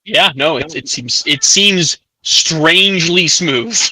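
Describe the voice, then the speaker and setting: A man's voice: on the high side, expressive, takes it slowly, pushed and bright, no room sound, low-quality recording. A man running a tabletop game as game master, describing scenes and stopping players to clarify.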